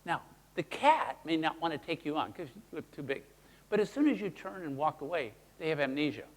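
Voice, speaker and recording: A man presenting a teaching seminar, who talks in an animated way and acts out his examples in character voices. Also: fairly high pitch, fairly quick. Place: presentation room. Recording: long hall reverb.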